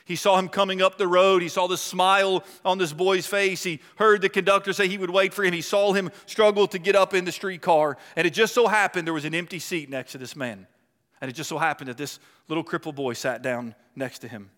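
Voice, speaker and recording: A man preaching a sermon with impassioned delivery, swinging between loud and hushed. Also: high voice, fairly even intonation, brisk. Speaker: pastor. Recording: long reverb of a large hall.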